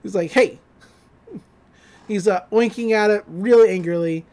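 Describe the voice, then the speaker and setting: A woman's voice: medium pitch, brisk, warm tone. A woman hosting a podcast, recapping a cartoon episode in a chatty, giggly way with lots of fillers. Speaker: podcast host.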